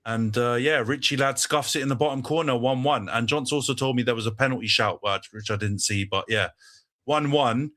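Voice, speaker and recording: Bright-voiced man bantering about football. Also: mid-range voice, a little fast. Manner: banter-heavy, laughs often, says "bro". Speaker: podcast host. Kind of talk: casual football debate.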